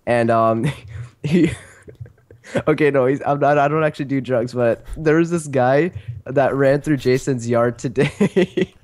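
A man's voice: mid-range voice, measured pace, darkish tone. A man joining a game video as a guest, teasing his co-player and laughing often in casual chat.

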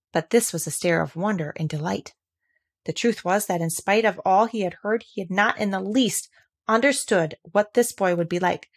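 A woman reading a classic children's novel aloud in a calm, measured voice. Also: mid-range voice. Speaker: audiobook reader. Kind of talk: storybook narration.

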